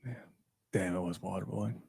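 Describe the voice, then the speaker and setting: Low gravelly laid-back co-host. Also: male voice, fairly even intonation, fairly quick, darkish tone, dry recording, clean studio sound. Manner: laid-back, brief agreeing replies. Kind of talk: casual sports talk show.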